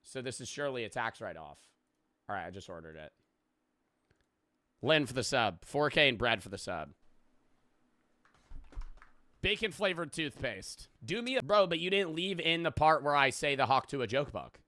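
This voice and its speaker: A young man talks to his stream chat in a loose, rambling way, cracking jokes and swearing without a second thought. His voice is bright and ringing, and it swings widely up and down. The sound is close and dry. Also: mid-range voice, big pitch swings, normal speed, no room sound. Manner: rambling, joking, swears freely, thanks chat for subs. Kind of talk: casual live-stream reaction chat.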